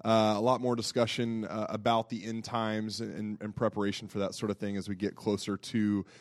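A man's voice: lowish voice, little pitch movement, normal speed, no echo. Wry Southern-accented male podcast host. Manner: easygoing, self-deprecating, wry. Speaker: podcast co-host, parish communications director. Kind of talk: casual chat.

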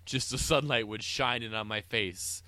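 A man's voice: mid-range voice, moderate pace, pushed and bright, no echo. A man co-hosting a casual movie podcast, telling stories and rambling with fillers. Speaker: podcast co-host. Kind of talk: casual chat about a movie.

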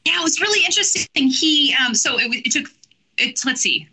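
This woman has a strikingly bright, sharp voice. She talks in a lively, chatty way as a podcast guest. She restarts her sentences often and scatters "like" through her talk. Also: sits high, a little fast, low-quality recording. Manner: animated, chatty, many "like"s and restarts. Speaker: author and teacher, interview guest. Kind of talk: casual podcast interview.

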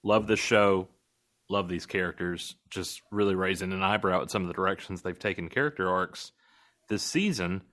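Bright-toned man recapping a show. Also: low voice, moderate pace. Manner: opinionated, joking, frequent restarts. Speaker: podcast co-host. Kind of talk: casual TV recap chat.

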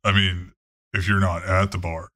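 A man acts as game master for a tabletop game, talking in a loose, casual way. His voice sits on the low side but sounds bright and forceful. He often stops and restarts his sentences. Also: level tone. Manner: casual, swearing, halting.

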